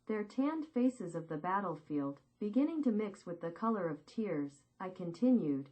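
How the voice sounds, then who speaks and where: A woman reading a first-person war memoir as slow, measured, solemn scripted narration with deliberate pauses. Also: lowish voice, expressive, highs cut off.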